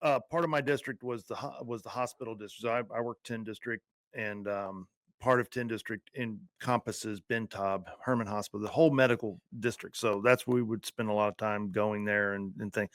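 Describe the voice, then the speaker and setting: A man's voice: fairly low pitch, fairly even intonation, a little fast, a bit bright, no echo, clean studio sound. A middle-aged man and former patrol officer from Texas, co-hosting a casual podcast and telling stories in a laid-back way with easy laughter.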